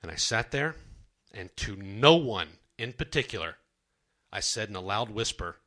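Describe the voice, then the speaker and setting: A man's voice: fairly low pitch, very animated, normal speed, sharp tone. A young man performing a true story on a comedy stage, dramatic and self-mocking.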